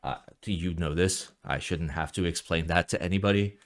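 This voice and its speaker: A young keyboard reviewer rants casually in a vlog at a moderate pace with fairly even intonation. He sounds jet lagged, swears and rambles, and swings from low mutters to loud outbursts.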